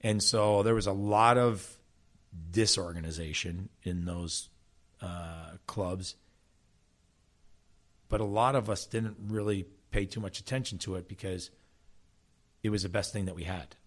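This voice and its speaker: A middle-aged man from South Jersey tells his story in an interview, his voice sitting somewhat low. He stumbles and repeats words as he gets going. He stays animated throughout. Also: measured pace, long pauses. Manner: animated storyteller with many restarts. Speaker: interview guest, former player and coach. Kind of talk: storytelling conversation.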